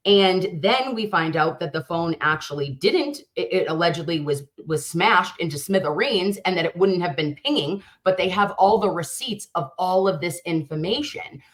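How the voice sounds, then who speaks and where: A woman with a somewhat low voice talks through true crime cases as an interview guest. She rambles and keeps restarting her sentences mid-thought. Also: animated, moderate pace, hardly any pauses. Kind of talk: conversational interview.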